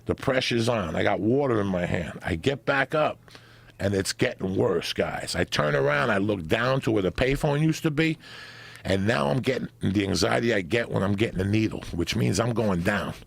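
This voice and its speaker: Raspy gravelly middle-aged guy telling a wild story, swears a lot, voice jumps all over. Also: on the low side, moderate pace, no echo. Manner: profane, excitable, acts out voices. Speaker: comedian guest. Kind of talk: animated storytelling.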